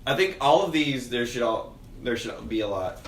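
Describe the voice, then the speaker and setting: A man in his thirties co-hosting a casual podcast, relaxed and agreeable as he recaps. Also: mid-range voice, moderate pace, a little hiss or hum. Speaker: podcast co-host. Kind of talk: casual chat. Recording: echoey room, faint ambience.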